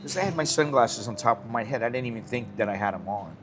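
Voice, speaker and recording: An American vlogger speaks quickly and expressively at a medium pitch while drinking coffee in Thailand on a casual live stream. He tells a chatty, rambling story and acts out the dialogue, with music clearly audible behind his voice.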